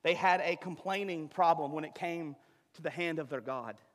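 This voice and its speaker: Bright high-voiced preaching man, hall reverb. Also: moderate pace. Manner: animated preaching with rhetorical questions and impersonations. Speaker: pastor. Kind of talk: sermon.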